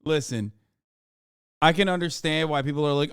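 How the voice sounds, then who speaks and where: A man's voice: a little high, brisk, smooth, no room sound, clean studio sound. A man with an American accent giving sarcastic, profane commentary while reacting to a video. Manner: sarcastic, profane, talks over the clip. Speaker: streamer reacting to an interview. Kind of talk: casual commentary.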